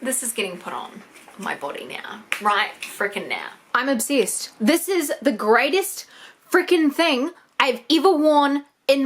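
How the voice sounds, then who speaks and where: A young woman in an unboxing vlog, gushing and excitable, swearing often as she opens gifts. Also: high voice. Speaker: YouTuber.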